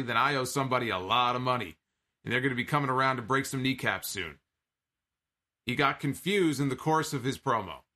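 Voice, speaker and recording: A man's voice: mid-range voice, bright, forceful tone. A man hosting a podcast, giving an opinionated, casual recap of a wrestling show and quoting lines from it.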